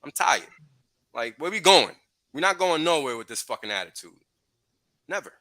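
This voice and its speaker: A man's voice: fairly high pitch, big pitch swings, moderate pace, bright, forceful tone. A man hosting a livestream, ranting profanely and heatedly with frequent laughs. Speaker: podcast host.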